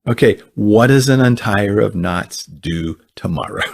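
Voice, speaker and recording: A man's voice: lowish voice, animated, slow pace, creaky. A man speaking earnestly in a conversational teaching style, often repeating words and restarting his phrases. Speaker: Christian ministry speaker.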